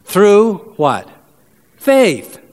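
A man preaching a sermon as pastor, emphatic, and slowing down whenever he reads a verse aloud. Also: high voice, huge pitch swings, a little mellow, long reverb tail. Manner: emphatic preacher who slows down to read verses.

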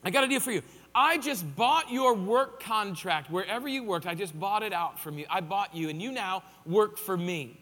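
A man putting on a brash Texan billionaire making a phone offer, in a loud, folksy drawl. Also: sits high, lively intonation, moderate pace, big-room sound, exaggerated voice.

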